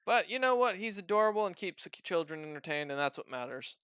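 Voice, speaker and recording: GM's take on a gossipy bartender, offhand and salesy, smooth tone, dull lo-fi mic. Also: medium pitch, sing-song, fast talker, a bit bright, no room sound, voice pushed up. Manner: rambling, offhand sales patter. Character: chatty salesy male tavern bartender.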